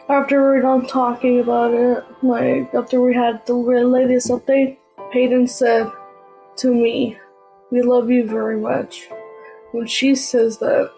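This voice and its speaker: A woman's voice: fairly high pitch, a little mellow, rough recording. A woman hosting her own podcast, telling personal stories in earnest, plain short sentences. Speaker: podcast host. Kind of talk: casual personal storytelling.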